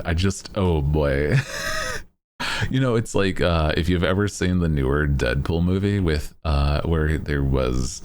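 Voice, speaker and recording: A man chatting casually on a livestream, laid-back and rambling, with plenty of "like" and "dude." His voice is extremely deep and gravelly with slow, unhurried pacing. His pitch still swings a lot as he talks. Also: a little mellow. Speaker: streamer.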